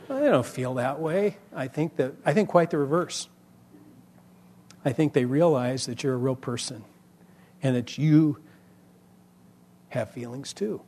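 A middle-aged man, a pastor, teaching other preachers in a conversational, animated way with big swings in loudness. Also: mid-range voice. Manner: conversational, animated storyteller with lively vocal swings.

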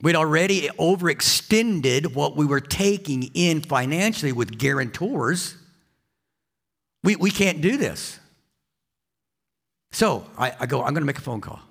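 Gravelly-voiced pastor telling a story. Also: male voice, fairly high pitch, animated, measured pace, long pauses, a bit bright. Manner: personal storytelling, repeats and restarts. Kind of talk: sermon.

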